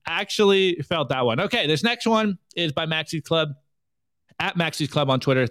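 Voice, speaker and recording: A chatty male show host reads memes aloud in a casual livestream, dropping quick asides between them. His voice sits a little high and comes through smooth, close and dry. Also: expressive, fairly bright tone, dry recording.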